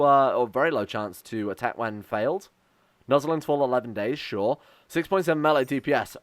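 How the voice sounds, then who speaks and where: A man streaming a video game, rambling and thinking aloud with lots of fillers, excitable as he plays, recorded close on a desk mic at home. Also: medium pitch, no echo. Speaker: gaming streamer. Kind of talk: casual let's-play commentary.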